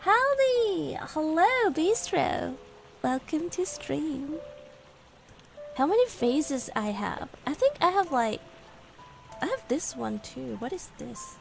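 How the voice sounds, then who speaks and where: A woman's voice: high voice, sing-song, slow pace, gravelly, soft background music. A woman streaming live and chatting casually with her viewers in a giggly, bubbly way. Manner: giggly, bubbly, reacting aloud to chat. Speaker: VTuber streamer.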